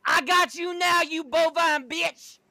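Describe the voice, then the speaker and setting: A man voicing a furious, hot-headed country wrestler who shouts and curses in a drawl. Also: extremely high pitch, slow, no room sound, pitched above the performer's own voice, full character voice. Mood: gloating.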